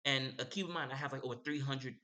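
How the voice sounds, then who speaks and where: Young guy telling a story to his stream, bright sharp voice, kinda rambly and repeats stuff. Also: medium pitch, fairly even intonation, fast talker. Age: young adult. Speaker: streamer host. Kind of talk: casual storytelling.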